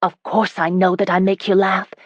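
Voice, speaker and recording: A woman's voice: normal speed, dry recording, dull audio, natural voice. A woman narrator voicing a spirited, indignant young woman in an audiobook, speaking emphatically and sharply. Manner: sharp, emphatic, higher and louder than narration.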